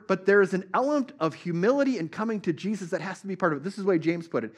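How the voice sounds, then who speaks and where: A man's voice: sits high, expressive, quick pace, few pauses. A man preaching a sermon in an earnest, conversational way, with restarts and quoted scripture. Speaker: pastor.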